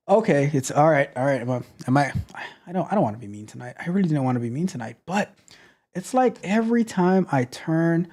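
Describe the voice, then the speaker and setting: A man's voice: a little high, animated, a little fast, darkish tone, soft background music. A man hosting a tech livestream who reads chat aloud in a theatrical, sarcastic way, full of playful mock outrage. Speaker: host.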